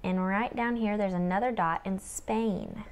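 A woman's voice: medium pitch, unhurried, clean tone. A young woman, a homeschool tutor, walking through her lesson plan and acting out the prompts she gives children in a sing-song teacher voice.

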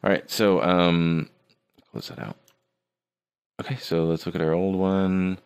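Male instructor, very low and gravelly, laid-back, teasing, walks students through software. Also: little pitch movement, a little slow. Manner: joking, teasing his students. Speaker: 3D art teacher. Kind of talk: casual screen-recorded tutorial.

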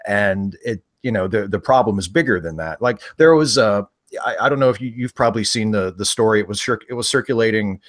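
A man's voice: lowish voice, fairly quick, dry recording, studio quality. A man chatting casually on a video call in a thoughtful, easygoing way. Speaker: YouTuber guest.

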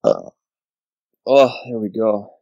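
Slow-talking man grumbling over a board game. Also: fairly low pitch, huge pitch swings, gravelly, dark tone, no room sound, muffled recording. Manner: talks to himself, counts squares aloud, mock-angry grumbling. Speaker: gamer playing a board game video game. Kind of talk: casual gameplay commentary.

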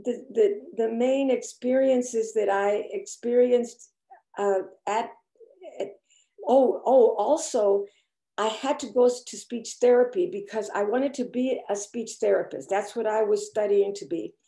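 An older woman with a light Spanish accent telling a group about her own experiences, halting and nervous, with many restarts. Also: a little high, dark tone. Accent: Spanish-accented English. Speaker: church discussion speaker. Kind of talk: personal testimony to a group. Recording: echoey room.

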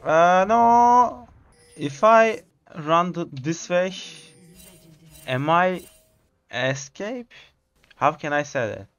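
A man, excitedly commenting on his own gameplay, repeating short exclamations in English. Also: a little high, drawn-out words, long pauses, clean tone. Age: 20s. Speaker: gamer streamer.

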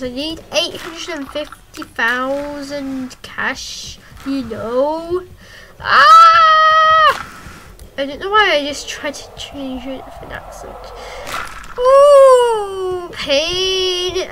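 A woman with a high, bright voice, rambling through casual gameplay commentary at an unhurried pace. Her speech is full of ums and hesitations, and she breaks into yelps and exclamations when things happen in the game. Her pitch swings widely as she talks. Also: a little hiss or hum. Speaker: gameplay channel host.

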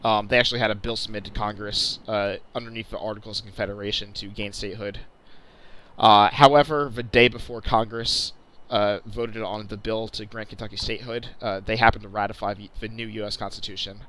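A chatty young video host narrates a flight sim session in casual commentary, full of "uh" fillers and restarts. His lowish voice is fairly quick and even in intonation, with a pushed, bright tone on a rough recording.

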